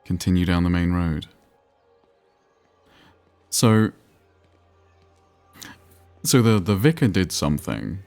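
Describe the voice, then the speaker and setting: A man's voice: low-pitched, lively intonation, slow, vocal fry, pauses often, darkish tone, faint music behind. A man streaming a game, chatting and rambling while reading chat aloud. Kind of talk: casual live-stream commentary.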